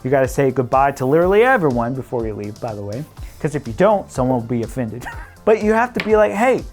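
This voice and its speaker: A man's voice: medium pitch, big pitch swings, fast talker, soft background music. A man from the Midwest, a real estate broker talking casually to camera, playful and chatty, often laughing and acting out what people say.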